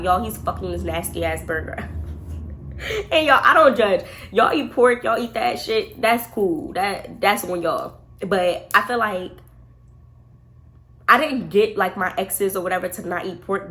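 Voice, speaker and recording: A woman's voice: lowish voice, a little hiss or hum. Chatty young woman telling a storytime. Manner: animated, profane, addresses viewers as y'all. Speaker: vlogger. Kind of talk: casual storytime chat.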